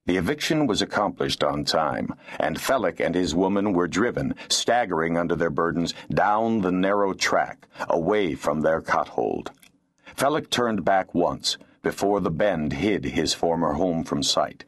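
Deep-voiced man narrating an audiobook. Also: unhurried. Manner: expressive storytelling. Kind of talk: scripted narration.

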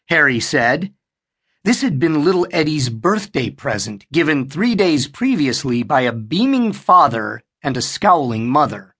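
A man narrating a horror audiobook in an expressive storytelling style. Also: on the high side, unhurried, breathy edge. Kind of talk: scripted narration.

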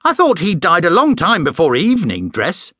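Brief: excitable young boy, read by a male narrator, lively rising voice. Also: sits high, normal speed, slightly rough, dry recording, clean studio sound, pitched above the performer's own voice, heavily acted. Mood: eager. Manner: eager, cheeky. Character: excitable schoolboy, keen and cheeky.

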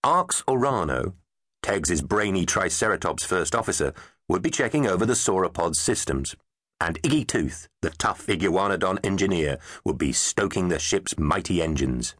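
Playful male storybook narrator, lower voice with very animated delivery, dry studio. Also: normal speed, no room sound. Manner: playful and emphatic. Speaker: audiobook narrator. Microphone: studio microphone. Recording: dry close studio sound.

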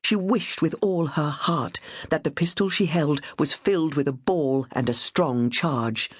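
A woman narrating a period novel as an audiobook, in a measured, dramatic storytelling manner. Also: sits low, husky, dry recording, clean studio sound. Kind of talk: scripted narration.

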